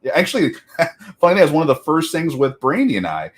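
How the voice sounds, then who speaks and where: A man's voice: a little high, sing-song, brisk. A middle-aged man co-hosting a podcast, telling rambling, self-deprecating stories in casual chat. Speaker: podcast co-host.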